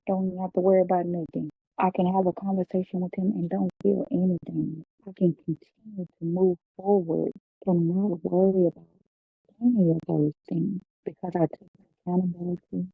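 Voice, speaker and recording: A woman's voice: fairly low pitch, creaky, husky, dry recording. A woman as a podcast guest, telling an emotional personal testimony in a heartfelt, preacherly way. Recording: phone-like, dry.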